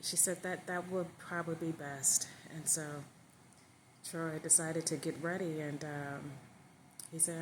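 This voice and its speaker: A woman telling a story aloud in a relaxed, conversational way. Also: sits low, unhurried, background noise. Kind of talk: casual spoken storytelling.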